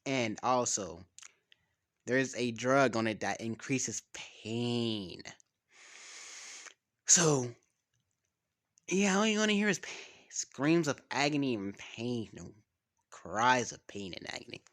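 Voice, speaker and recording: A man's voice: mid-range voice, lively intonation, slow pace, long pauses, fairly bright tone. A man casually making up a story as he goes, rambling, swearing and losing track of names.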